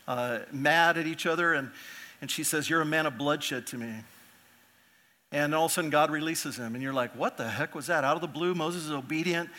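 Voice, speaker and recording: A middle-aged male pastor preaching a sermon in a bright, forceful, slightly high voice. He speaks earnestly, building in volume when he drives a point home, then dropping back to a quieter, conversational tone. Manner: earnest preaching, swells louder on key points.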